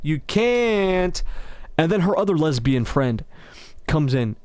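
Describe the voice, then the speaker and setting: A man's voice: mid-range voice, lively intonation, moderate pace, darkish tone. A man commentating over gameplay, telling a rambling, mocking story with stumbling restarts into a close mic. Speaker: game commentator.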